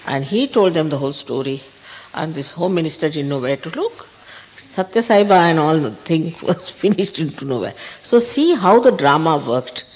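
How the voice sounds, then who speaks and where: An older woman with an Indian English accent, a spiritual teacher telling a story in an animated way, chuckling and quoting others. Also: sits low, moderate pace, rough recording. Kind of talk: storytelling talk.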